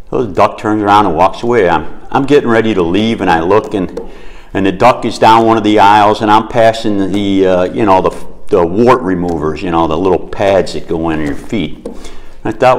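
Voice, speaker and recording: A man's voice: fairly low pitch, fairly quick. A man hosting a short school announcement segment, telling a long joke in a casual, rambling way. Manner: rambling, storytelling.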